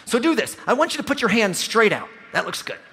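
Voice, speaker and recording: A fast-talking man with a voice that sits high, he's in his forties and hails from Ohio. He delivers an energetic motivational keynote in a large convention hall, weaving stories and speaking right to the crowd.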